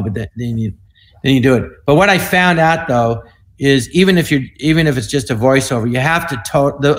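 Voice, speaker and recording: A man in his sixties, a comedian telling stories on an online panel, animated and dropping into quick impressions. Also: medium pitch. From United States. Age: 60s. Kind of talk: casual storytelling.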